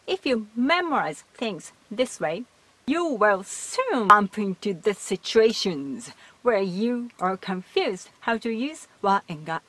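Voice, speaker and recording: A woman teaching in English, explaining grammar slowly and patiently. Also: on the high side, pushed and bright. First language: Japanese. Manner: slow, careful, patient explaining. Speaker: language teacher. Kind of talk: explanatory lesson.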